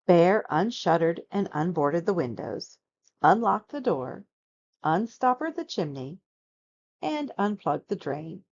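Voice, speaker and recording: A woman reading a children's picture book aloud, narrating with expressive, dramatic storytelling. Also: fairly low pitch, slow pace, gravelly, muffled recording.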